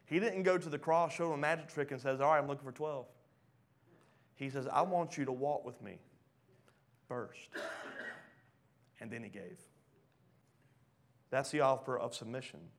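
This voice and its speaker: A male pastor delivers a sermon, reading scripture aloud and posing questions to the congregation as he swings between hushed and loud lines. His pitch is medium, his speed normal, and he pauses often.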